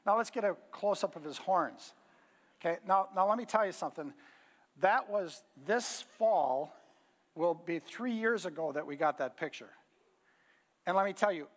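A man's voice: sits high, fairly bright tone. A middle-aged man preaching in a casual, folksy storytelling way with lots of fillers. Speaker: pastor. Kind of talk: sermon storytelling. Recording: hall reverb.

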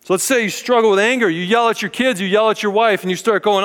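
A man's voice: sits high, fast talker, a bit bright. A man preaching a sermon in a conversational, folksy way with touches of humor. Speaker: pastor. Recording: long hall reverb.

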